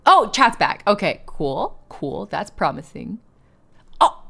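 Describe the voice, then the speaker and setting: A woman's voice: mid-range voice, sing-song, slow, gravelly, sharp tone. A woman live streamer chatting casually and rambling, laughing often and poking fun at herself.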